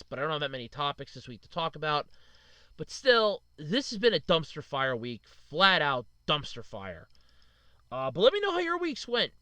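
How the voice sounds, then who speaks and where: A man's voice: high voice, sharp tone, dry recording. A man in his thirties hosting a casual solo podcast, venting in frustration and blaming himself, with lots of "uh". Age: 30s. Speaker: podcast host.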